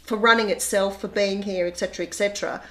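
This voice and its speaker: A middle-aged Australian woman in casual chat, talking in a lively, chatty way and often restarting her sentences. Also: medium pitch, fast. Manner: chatty, repeats words when restarting. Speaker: guest, bed and breakfast owner.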